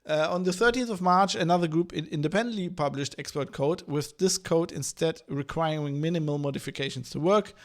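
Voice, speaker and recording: A man's voice: fairly high pitch, fairly quick, few pauses. A man hosting a podcast, ranting casually and sarcastically about tech security, often slipping into mocking voices. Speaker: podcast host.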